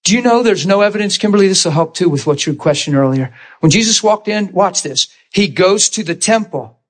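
A man preaching a sermon in a church, telling healing stories in an animated way and often crying out in excitement. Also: sits high, a little fast. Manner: animated, shouts and cries out in excitement. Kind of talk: sermon with testimony storytelling.

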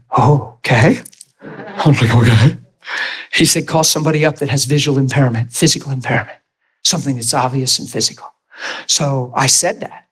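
A man preaching a sermon, telling a healing story with lively acted-out quotes. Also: husky. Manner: animated storytelling, acts out quotes in high excited voice.

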